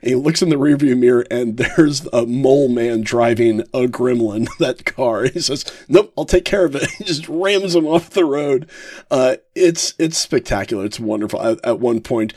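A man hosting a casual podcast, ranking favorite episodes with frequent chuckles and halting fillers. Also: medium pitch, darkish tone, no echo. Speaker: podcast host.

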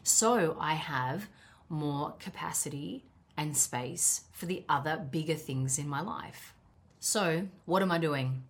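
A woman's voice: sits low, takes it slowly. A woman with an Australian accent, a coach talking candidly in a casual monologue, swearing freely and laughing at herself. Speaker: life coach.

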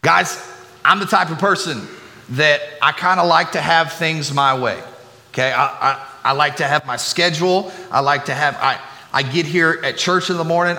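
A man's voice: mid-range voice, sharp tone. A middle-aged man, preaching a sermon as a pastor, chatty and full of joking asides to the congregation. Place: church sanctuary. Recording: long hall reverb, faint room ambience.

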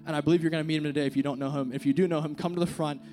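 A young man preaches into a handheld mic at a church service, his voice sitting a little high for a man. He talks casually and earnestly, leaning on fillers and slang as he tells his story, and soft music plays faintly behind him. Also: fairly even intonation, very fast. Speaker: youth speaker. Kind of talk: informal sermon with a personal story. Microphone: handheld microphone.

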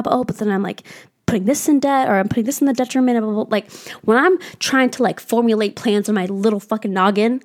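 A woman's voice: on the high side, steady tone, fast talker, a little mellow. A young adult woman hosting a casual solo podcast, talking candidly and reflectively, swearing freely as she encourages herself and her listeners. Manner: candid and heavily profane. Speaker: podcast host.

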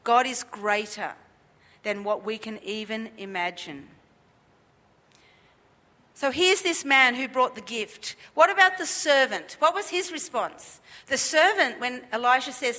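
A woman's voice: on the high side, animated, a little slow, bright, forceful tone, big-room sound. A woman preaching a sermon at a church service, emphatic and repetitive, with many rhetorical questions.

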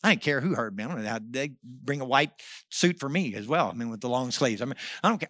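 A man, preaching a sermon and telling a personal story, moving between loud and hushed delivery. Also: mid-range voice, lively intonation, fast, dry recording, clean studio sound. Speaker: pastor.

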